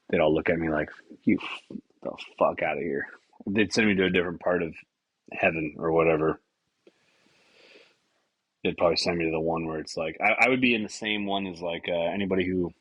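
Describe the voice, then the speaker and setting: A man's voice: low voice, a bit bright, husky, no echo, highs cut off. A young man hosting a podcast, telling rambling, profane stories full of fillers in a casual way. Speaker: podcast host. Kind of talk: casual storytelling.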